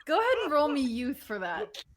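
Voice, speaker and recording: A woman's voice: sits high, big pitch swings, a little fast, heavy background noise. A woman narrating a tabletop game as game master, playful and rambling, often breaking into laughs.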